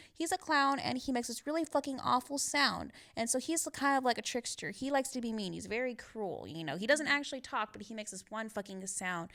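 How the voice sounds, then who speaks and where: A woman's voice: fairly low pitch, a bit bright. A woman guest on a podcast, talking candidly and casually, with a lot of swearing and frequent laughter. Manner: candid, profane, laughs often. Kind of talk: casual chat.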